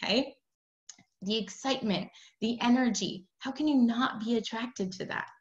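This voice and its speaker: A woman leads her sales team in a casual coaching talk, chatty and upbeat. She keeps checking in with "right?" and acts out the quoted lines with sudden bursts of excitement. The call audio is slightly dull and echoey. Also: fairly high pitch, normal speed. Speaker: team leader coaching sellers.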